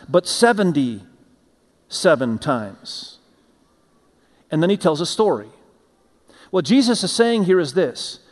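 Man preaching in a reverberant hall. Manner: earnest preaching, often dropping soft and low for emphasis. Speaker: pastor. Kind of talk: sermon. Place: church sanctuary. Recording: long reverb of a large hall.

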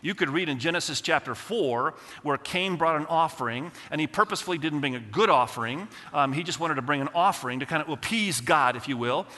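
A man preaches to his congregation with a bright, forceful tone and a fairly high voice. He reads scripture slowly and then talks it through casually, throwing questions at the room. The sound carries a long church-hall reverb. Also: expressive. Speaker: pastor. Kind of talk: sermon. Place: church sanctuary.

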